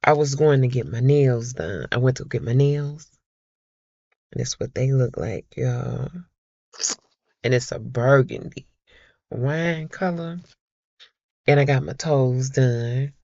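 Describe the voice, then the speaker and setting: Woman vlogger, middle-aged, gravelly voice, slow heartfelt talk, dry dull lo-fi sound. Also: a bass voice, a little mellow, no room sound. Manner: slow, heartfelt storytelling, addresses viewers as y'all. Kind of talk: casual chat to viewers.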